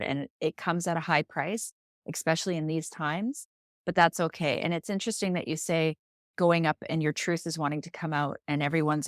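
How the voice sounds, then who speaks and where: A woman speaks in a notably low, deep voice, recounting her story as a podcast guest. She talks earnestly and from the heart, often restarting her sentences. The sound is close and dry. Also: dry recording. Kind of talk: casual personal storytelling.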